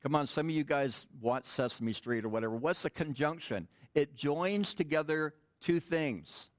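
A man's voice: fairly high pitch, animated, moderate pace, dry recording, clean studio sound. A middle-aged man preaching a sermon in church, teaching a Greek grammar point with casual, joking asides to the congregation. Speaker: pastor. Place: church sanctuary.

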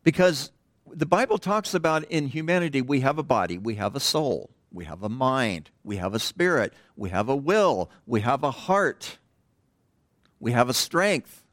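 A man's voice: medium pitch, expressive, normal speed, dry recording, clean studio sound. Digressive middle-aged man preaching. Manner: digressive, drops to a hush at phrase ends. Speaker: pastor. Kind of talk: conversational sermon. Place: church.

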